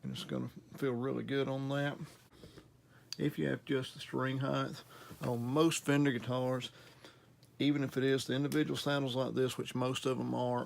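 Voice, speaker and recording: Here a creaky, mid-range male voice with a Southern drawl leads a casual how-to on setting up a guitar. He runs a guitar repair channel and comes across as laid-back, folksy and self-deprecating.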